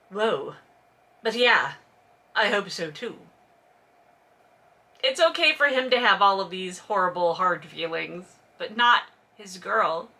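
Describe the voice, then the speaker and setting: A woman's voice: a little high, a little slow, sharp tone. A woman reading a novel aloud as host and breaking off for snarky, exasperated commentary. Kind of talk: sarcastic read-along commentary.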